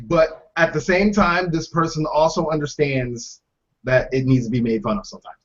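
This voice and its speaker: Male podcast host, bit high-pitched, muffled lo-fi recording, quick jokey political chat. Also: fairly even intonation. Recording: dull lo-fi podcast audio.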